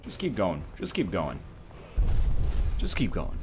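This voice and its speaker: A man's voice: low-pitched, wildly swooping pitch, a little slow, long pauses. A man in his thirties rambles through a casual let's-play. His voice swoops up and down, and he keeps breaking into mocking put-on voices as he jokes along. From Canada. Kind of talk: casual gaming commentary.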